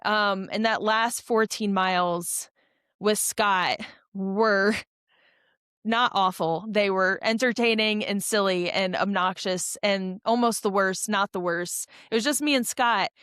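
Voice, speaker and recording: A young woman recounts a race in a loose, chatty way, stumbling over restarts and fillers as she goes. Her voice sits at an ordinary middle pitch, and the sound is dry, with almost no room in it. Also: slow, clean tone, no echo. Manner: animated, rambling storytelling with many fillers and restarts. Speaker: podcast guest, ultra runner. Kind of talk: casual storytelling interview.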